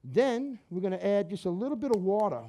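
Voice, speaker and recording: A man's voice: high-pitched, animated, fairly quick, warm tone. A man hosting a cooking demonstration, upbeat and chatty, calling his audience "guys" and "baby". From New Orleans area, Louisiana. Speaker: chef hosting a cooking show.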